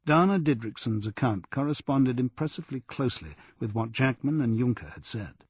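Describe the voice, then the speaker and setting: A man narrating a crime audiobook in a measured, even storytelling manner. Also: medium pitch, breathy edge, no echo. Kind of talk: scripted narration.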